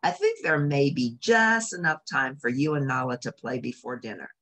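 Female reader as wise male lion king; calm, measured, fatherly, low storybook voice. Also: heavily acted. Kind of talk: storybook reading.

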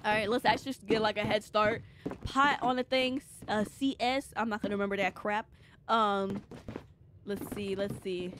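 A woman's voice: medium pitch, steady tone, normal speed, noisy background. A young woman streaming a game live, rambling and joking casually with her chat, with lots of filler words. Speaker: gaming streamer.

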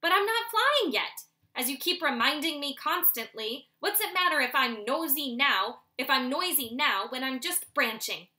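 Bored mouthy little owl boy, woman doing the voice, bright and highish. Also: animated, normal speed, full character voice. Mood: sulky. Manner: sulky, back-talking. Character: bored, sulky young male owlet.

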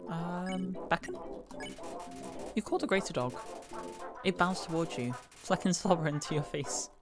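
A woman's voice: on the low side, measured pace. A woman giving casual gameplay commentary in a let's play, reading game text aloud and gushing playfully, music playing behind her. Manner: gushing and playful, squeals over dogs.

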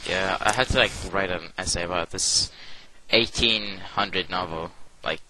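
A teenage boy from England chats on a podcast in a loose, hesitant way, full of "like". His voice is very low. Faint hiss runs under the recording. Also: measured pace, pushed and bright, poor audio. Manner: laid-back, hesitant, full of "like". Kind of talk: casual chat.

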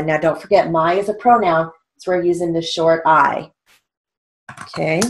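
A woman teaching a stenography lesson, dictating short phrases slowly and spelling out letters, checking in with an occasional "okay?". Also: low voice, fairly even intonation. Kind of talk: slow, deliberate dictation lesson.

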